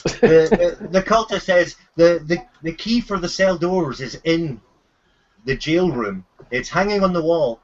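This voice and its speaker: Man, game master, fairly high voice, stumbling over words, muffled lo-fi audio. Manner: halting, repeats words, laughs often. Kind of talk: narrating a tabletop game. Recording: dull lo-fi recording.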